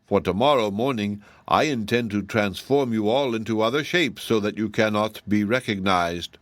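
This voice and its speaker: A man voicing a cruel, scornful giantess sorceress in an audiobook, speaking slowly and mockingly. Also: on the low side, dry recording, close to an everyday voice. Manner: slow, mocking and menacing.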